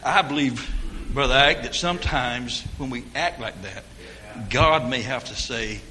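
A man's voice: mid-range voice, measured pace, sharp tone. A man, preaching a sermon through rambling folksy stories in down-home grammar. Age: 60s.

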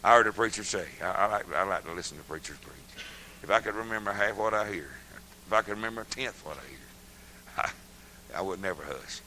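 An older man preaching a sermon, folksy and laughing often, swinging from hushed murmurs to loud shouts. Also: on the low side, fairly quick, slight background noise, rough recording.

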